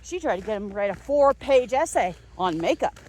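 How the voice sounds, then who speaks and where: A woman's voice: mid-range voice, expressive, brisk, a little mellow. A middle-aged woman vlogger delivering a heated, emphatic and sarcastic rant, recorded outdoors while on a walk. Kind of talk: angry rant.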